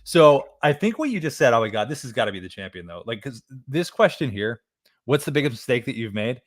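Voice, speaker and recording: A man hosting a podcast, chatting casually with enthusiastic, quick back-and-forth. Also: mid-range voice, very animated, dry recording, clean studio sound. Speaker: podcast host. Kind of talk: casual interview chat.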